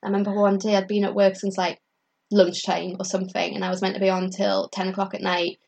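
A young woman telling a story in casual chat. She talks in a chatty, animated way, full of "like" fillers, and often acts out what other people said. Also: mid-range voice, fast talker, gravelly. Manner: laughs often mid-story. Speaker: comedian guest telling stories.

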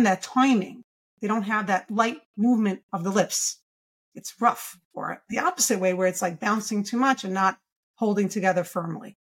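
A woman in her forties, a children's speech therapist, explaining speech errors in a podcast interview and saying sample sounds aloud. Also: mid-range voice. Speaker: pediatric speech-language pathologist.

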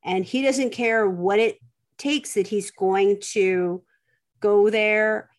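A woman's voice: medium pitch, steady tone, slow pace. A woman hosting a podcast, telling a story in casual chat, rambling with lots of fillers and restarts. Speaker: podcast host.

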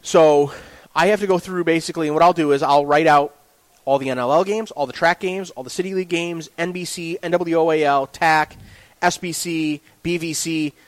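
A man's voice: a little high, fairly quick, no room sound, rough recording. Chatty man. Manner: rambling, animated storytelling with restarts. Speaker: sports director guest. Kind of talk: casual podcast interview. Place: restaurant.

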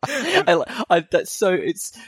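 A man's voice: high-pitched, wildly swooping pitch, slow, husky, no room sound. A man co-hosting a podcast, rambling and chatty with frequent laughter. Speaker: podcast co-host. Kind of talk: casual podcast chat.

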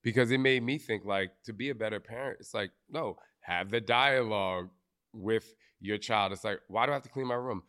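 A man's voice: on the low side, moderate pace, fairly bright tone, smooth. A man hosting a live podcast recording, talking candidly and emotionally to an audience, swearing casually. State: briefly tearful. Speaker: podcast host.

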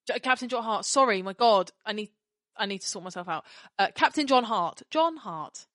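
A woman co-hosting a podcast in casual chat, animated and rambling, apologising and laughing often. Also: mid-range voice, a little fast, no echo, studio quality. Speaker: podcast co-host.

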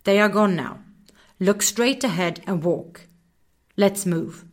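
A woman's voice: medium pitch, slow pace. A woman voicing a decisive, stern little male guide in a children's story, firm and commanding.

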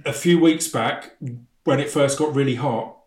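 A man's voice: medium pitch, moderate pace, darkish tone, echoey room. A man talking casually as a podcast guest, with a stammer that catches on the first sounds of words. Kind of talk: casual chat.

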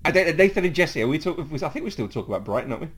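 A man hosting a relaxed football chat with friends. His pitch swings up and down a lot as he talks, with frequent laughs and "um"s along the way. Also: rapid-fire, slight background noise. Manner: laughs often, filler-heavy, lively. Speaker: podcast host.

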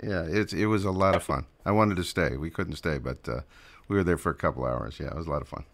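Deep-voiced man chatting on dry radio. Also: fast, vocal fry, no echo. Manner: chuckling, hesitant with repeated words. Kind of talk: casual radio chat.

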